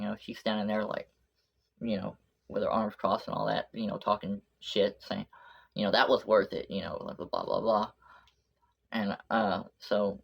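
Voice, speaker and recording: A woman's voice: extremely low pitch, gravelly, breathy edge. A woman vlogger telling a story in a chatty, rambling video diary.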